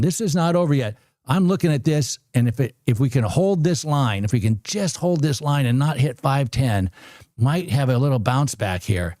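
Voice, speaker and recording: Excitable man in his sixties, live trading. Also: fairly high pitch, dry recording, studio quality. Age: 60s. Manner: excitable, talks to the screen, repeats phrases. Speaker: livestream trading host.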